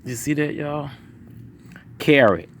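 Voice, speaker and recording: A man casually vlogging about his garden outdoors, talking excitedly to his viewers into a phone camera. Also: a little high, unhurried. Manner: excitable, chatty, keeps saying "y'all".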